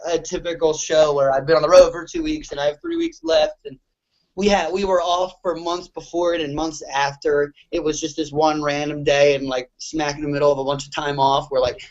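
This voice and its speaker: Fairly quick and creaky, with a fairly high pitch and darkish tone, this young guest musician from the Philadelphia suburbs talks loosely in a casual interview. He swears and fills his speech with fillers, and the recording sounds muffled and lo-fi.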